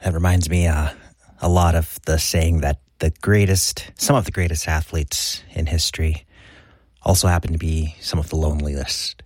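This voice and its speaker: Deep-voiced man announcing on radio. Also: fairly even intonation, normal speed, darkish tone, no room sound, clean studio sound.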